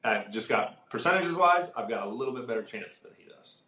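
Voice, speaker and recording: A man answering interview questions in a relaxed way, chuckling now and then. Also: mid-range voice, a little fast, reverberant, rough recording. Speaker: guest.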